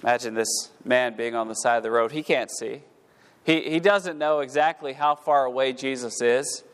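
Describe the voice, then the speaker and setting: A pastor with a medium-pitched, clear, resonant voice speaks at a normal speed in a church sanctuary with echoey hall acoustics. His sermon reads scripture in archaic language and then explains it, with repeated words as he climbs to fervent emphasis.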